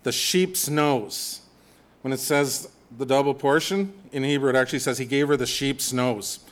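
A man preaching a sermon in a conversational, animated way, with humorous asides. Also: mid-range voice, a little fast.

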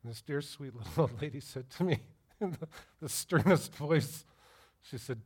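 A man's voice: mid-range voice, expressive, moderate pace, breathy edge. A middle-aged man preaching a sermon as pastor, telling personal stories and putting direct questions to his listeners.

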